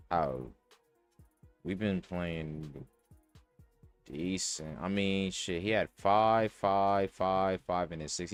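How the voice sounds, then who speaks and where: Young male podcast host, low voice, loose slangy rambling, dry close mic. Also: no echo. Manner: rambling, thinking aloud with slang and cursing. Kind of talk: casual sports betting talk.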